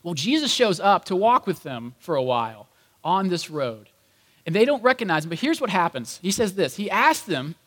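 Guy preaching, high voice, chatty and animated, does little voices for the people in the story. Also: normal speed, long reverb tail. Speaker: pastor. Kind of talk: sermon.

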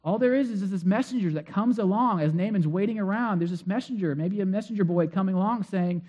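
Male pastor, high voice, chatty sermon storytelling. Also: fast talker, few pauses, darkish tone, lo-fi sound. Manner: conversational storytelling with many fillers.

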